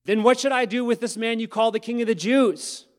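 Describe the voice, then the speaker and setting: A man's voice: very high-pitched, brisk, long reverb tail, pitched above the performer's own voice. A man voicing an exasperated Roman governor pleading with a crowd in a raised, strained voice.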